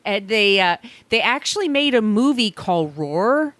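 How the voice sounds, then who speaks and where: A woman co-hosting a podcast, telling stories in a mid-pitched voice, chatty and quick to laugh, with plenty of ums. The sound is dry and close to the mic. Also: big pitch swings, fairly bright tone, no echo. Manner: chatty storytelling, laughs often, filler-laden. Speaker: podcast co-host. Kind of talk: casual chat.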